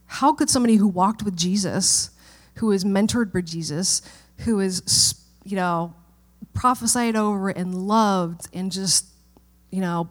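Chatty woman pastor teaching a Bible study. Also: medium pitch. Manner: chatty, informal, frequent "okay?" checks with listeners. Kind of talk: casual sermon, Bible study.

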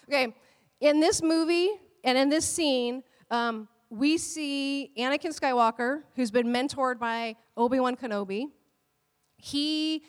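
High-voiced woman pastor preaching in a reverberant hall. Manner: animated, laughs often, acts out quotes in a high voice. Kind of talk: sermon.

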